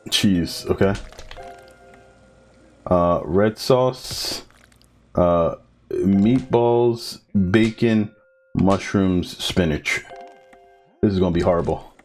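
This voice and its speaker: Drawing out his words and pausing often, a low-voiced man streams a cooking game live with faint music in the background. He lists ingredients steadily as he goes and trades jokes with his co-host.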